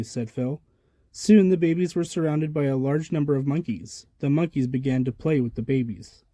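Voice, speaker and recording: Mellow-voiced man reading a storybook. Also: medium pitch, moderate pace, no room sound. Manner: lively, lifts voice for the babies' lines. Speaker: storybook reader. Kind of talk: children's story read-aloud.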